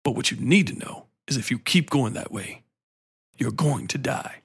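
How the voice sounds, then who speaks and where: A man doing an impression of a deep, smooth-voiced actor, slow and measured as he delivers a grave warning. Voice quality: smooth, buttery.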